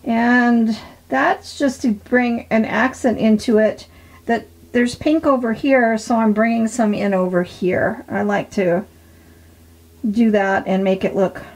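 A woman with a slightly high voice talks through a craft demonstration. She chats casually and encourages the viewer, admiring her own pages as she goes. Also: fairly even intonation, slow, darkish tone. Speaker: art tutorial host.

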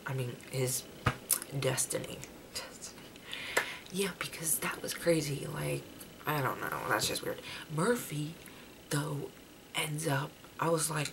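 A young woman with a low voice gushes about a TV episode, rambling and restarting her sentences. Her home recording carries a clear hiss of background noise. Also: steady tone, measured pace, a bit bright, poor audio. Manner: gushing, rambling, many "like"s and restarts. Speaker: TV review vlogger. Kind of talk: casual excited review chat.

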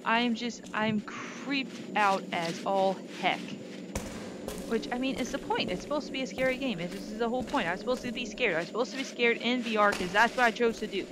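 A jittery woman talks her way through a spooky game, her voice sitting a little high. She rambles nervously to her viewers, playing in VR with a headset mic, and the game's ambience hums clearly behind her. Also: fairly quick, background noise. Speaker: gaming video host. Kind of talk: casual let's-play commentary.

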